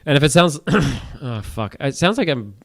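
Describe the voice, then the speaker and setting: A man's voice: a little high, very animated, unhurried, vocal fry. A man co-hosting a casual comedic podcast, crude and teasing, talking on a phone line. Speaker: podcast co-host.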